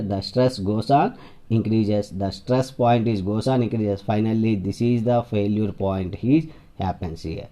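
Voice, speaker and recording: A man teaches an engineering class in a mellow, dark-toned voice. His phrasing is halting and repetitive, and he often restarts a sentence as he walks through a diagram. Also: medium pitch. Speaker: engineering lecturer. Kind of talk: classroom lecture explaining diagrams.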